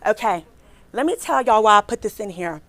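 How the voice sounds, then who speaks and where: A middle-aged woman giving a lively workshop talk on careers to a live audience in a hall, emphatic and repeating her points, often checking in with "right?" and "okay?". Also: mid-range voice, fairly quick, slight background noise. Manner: acts out quotes with a bright smile in her voice.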